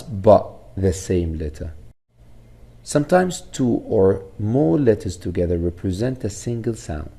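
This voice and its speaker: Slow, gravelly deep-voiced male teacher. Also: dark tone. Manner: explains slowly, repeats sounds and words. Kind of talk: recorded English phonics lesson.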